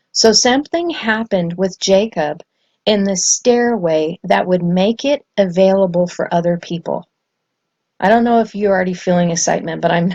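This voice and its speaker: A woman giving a spontaneous scripture lesson, earnest and excited, with frequent ums and self-corrections. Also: lowish voice. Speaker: spiritual teacher. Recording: dull lo-fi sound.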